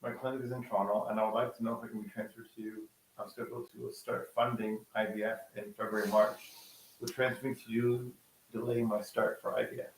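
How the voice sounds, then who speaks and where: A man's voice: on the low side, flat delivery, quick pace, slight background noise. A man co-hosting a live question-and-answer stream, reading viewer questions and comments aloud in a casual way. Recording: roomy, echoey sound.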